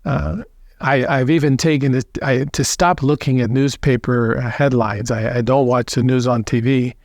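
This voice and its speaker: Priest, man, gospel reflection, gentle storyteller, dry close sound. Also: mid-range voice, fairly even intonation, vocal fry, dry recording. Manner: gentle, unhurried storytelling with restarts.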